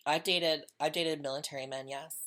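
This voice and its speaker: A woman's voice: low voice, fairly even intonation, normal speed, a bit bright. A woman hosting her own podcast, talking candidly and chattily in a casual solo monologue, often repeating herself as she goes. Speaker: podcast host.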